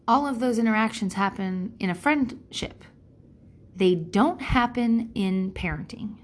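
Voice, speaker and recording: Speaking slowly in a mid-range voice, a middle-aged mother shares parenting advice in a candid, casual monologue. She drifts off topic, curses freely, and acts out quotes in different voices.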